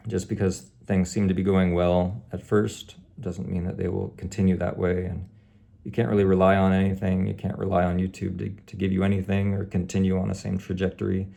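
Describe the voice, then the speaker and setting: Man, vlog monologue, gravelly fry, mellow dark tone, rambling, weary, candid. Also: fairly low pitch. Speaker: YouTube creator.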